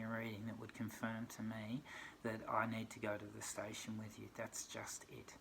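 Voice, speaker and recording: A middle-aged Australian man speaking in a gravelly voice that stays flat in pitch. He rants with frustration and throws out one rhetorical question after another, with a faint hiss of noise behind him. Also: normal speed, poor audio. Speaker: vlogger. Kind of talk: aggrieved personal rant.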